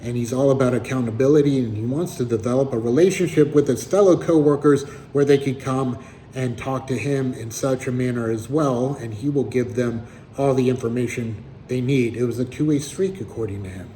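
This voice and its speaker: A man's voice: mid-range voice, brisk, mellow, a little hiss or hum, rough recording. A man casually telling a story about someone he met, in a conversational, slightly wry way.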